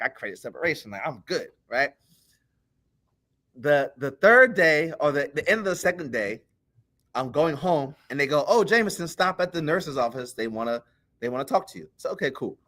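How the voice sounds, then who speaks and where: A man on a podcast telling a childhood story in a casual, animated way, acting out the voices of the people in it. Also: on the high side. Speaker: podcast co-host.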